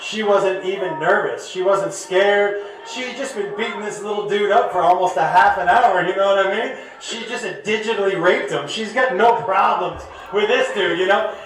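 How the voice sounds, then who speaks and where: A man with a very high voice telling a rowdy stand-up story on a club stage. He gets animated and shouts his punchlines over the crowd's laughter. His voice rings out with heavy room echo. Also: moderate pace, hardly any pauses. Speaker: stand-up comedian. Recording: echoey comedy club from the stage.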